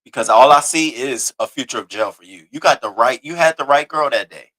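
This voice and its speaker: A man's voice: mid-range voice, fairly quick, a bit bright, low-quality recording. Blunt, indignant male commentary host. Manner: blunt, indignant, swears freely. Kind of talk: casual commentary reacting to a video.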